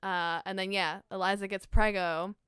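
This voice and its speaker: A young woman co-hosting a podcast in casual, excited chat, swearing freely and laughing often. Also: mid-range voice, moderate pace, clean tone, dry recording, studio quality. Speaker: podcast co-host.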